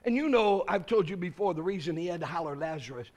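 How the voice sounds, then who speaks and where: A man preaching a revival sermon, acting out the story's voices and building up to loud shouts. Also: sits high, animated, fast.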